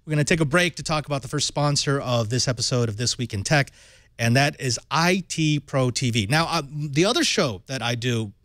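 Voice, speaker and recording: A man hosting a tech panel show, putting questions to his guests with animated delivery and reading the sponsor segment. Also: medium pitch, a little fast, dry recording, studio quality. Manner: animated, rising and falling questions. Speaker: host.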